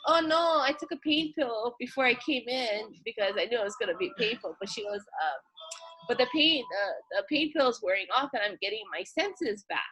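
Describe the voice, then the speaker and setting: A woman from Hawaii tells stories in a relaxed interview, slipping into the voices of the people she quotes. Her voice sits a bit high, and she talks with plenty of life. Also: moderate pace, a little hiss or hum, poor audio. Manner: animated, acts out quoted voices, laughs often. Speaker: tattoo artist, guest. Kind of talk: casual storytelling in an interview.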